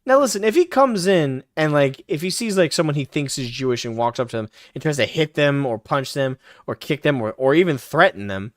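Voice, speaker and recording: A man's voice: a little high, very animated, brisk, few pauses, no room sound, studio quality. A male live-stream host reacting to a clip, profane and mocking, laughing often as he talks.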